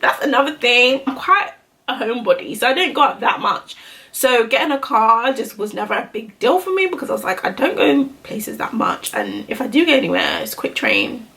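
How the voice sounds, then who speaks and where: In a relaxed get-ready-with-me chat, a young beauty vlogger rambles to the camera and fills her sentences with "like." Her voice is on the high side and expressive, a bit quick, with vocal fry and a fairly bright tone.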